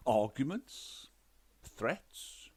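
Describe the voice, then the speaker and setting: A man playing No Shit, a deadpan ghost detective. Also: mid-range voice, drawn-out words, husky, pitched above the performer's own voice, heavily acted. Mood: probing. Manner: deadpan, precise, wry. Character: dry, deadpan male phantom detective.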